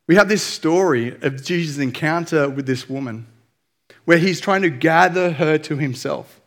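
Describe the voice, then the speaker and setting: Candid, higher-voiced male pastor. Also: moderate pace. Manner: candid, self-deprecating storytelling. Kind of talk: conversational sermon.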